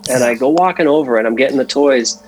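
Animated man telling a ghost story. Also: mid-range voice, fast talker, poor audio. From Massachusetts. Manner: animated storyteller, restarts and fillers. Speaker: guest painter. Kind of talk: casual podcast chat, telling a story.

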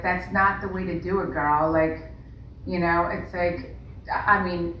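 A woman's voice: on the low side, a bit bright. A woman co-hosting a podcast, ranting bluntly and swearing in casual chat. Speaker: podcast co-host. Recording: roomy, distant mic, faint noise.

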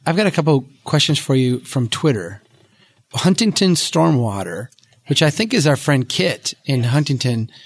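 A man hosting a podcast interview, chatting affably and interjecting quickly. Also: mid-range voice, animated. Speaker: podcast host.

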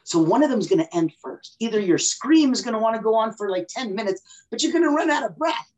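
A woman's voice: on the high side, fast, a crowd in the background, poor audio. A woman guest expert explaining a technique in an interview, acting out little scenarios as she goes. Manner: animated, acts out scenarios in quoted voices.

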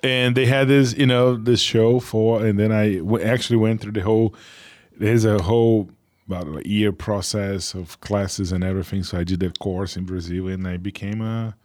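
Priest co-hosting radio. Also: male voice, on the low side, fairly even intonation, normal speed, a little mellow. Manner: short, friendly interjections. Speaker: priest and co-host. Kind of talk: casual radio chat.

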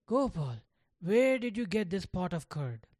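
A firm schoolteacher speaks slowly and asks pointed questions, voiced by the narrator of a storybook. The sound is dry and close. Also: mid-range voice, sing-song, darkish tone, dry recording, voice pushed up. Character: schoolteacher, stern then humbled.

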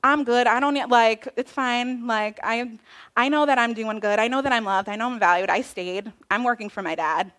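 A woman's voice: fairly high pitch, normal speed, a bit bright, lightly acted. Woman doing a bitter, proud older brother. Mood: dismissive. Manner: bitter, dismissive.

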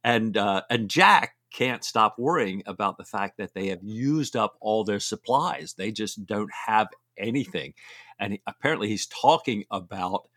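A man's voice: fairly low pitch, lively intonation, unhurried, a bit bright, dry recording, clean studio sound. A man co-hosting a podcast, chatting enthusiastically about a novel. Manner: enthusiastic, laughs often. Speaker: podcast co-host. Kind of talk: casual book discussion.

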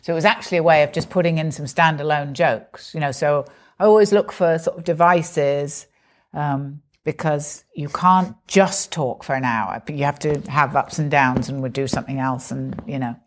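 A woman's voice: deep voice, normal speed. A woman, a stand-up comedian, chatting animatedly in an interview and acting out the voices of people in her stories. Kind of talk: conversational interview.

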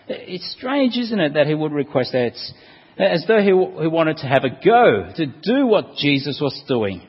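A man preaching a sermon, expressive, asking rhetorical questions and quoting scripture with emphasis. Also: fairly high pitch, moderate pace, breathy edge. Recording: long hall reverb, dull lo-fi sound.

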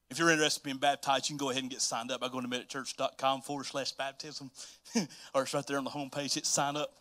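A man's voice: mid-range voice, sharp tone. A middle-aged male pastor preaching a casual, chatty sermon and repeating phrases for emphasis.

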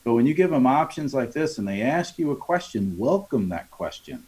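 This man's husky, darkish voice is medium in pitch and sing-song, moving at a moderate pace with hardly any pauses. He coaches contractors on selling during a podcast interview, acting out customer exchanges and repeatedly adding "right?".

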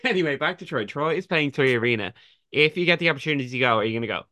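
A man's voice: mid-range voice, expressive, rapid-fire, pushed and bright, no echo, clean studio sound. A young man co-hosting a podcast in casual chat, giggly and rambling, often restarting mid-thought. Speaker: podcast co-host.

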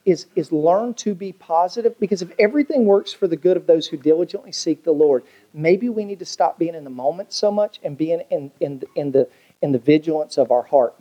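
A man, a pastor preaching a sermon in a folksy, storytelling way with big swings in pitch. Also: a little fast, warm tone. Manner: folksy storytelling preacher, swooping pitch, colloquial Southern grammar.

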